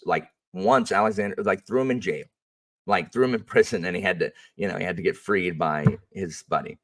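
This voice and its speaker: A low-pitched man talks casually about his teaching, animated and rambling, with plenty of fillers. He sits at some distance from the microphone. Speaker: history teacher. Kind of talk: casual storytelling chat.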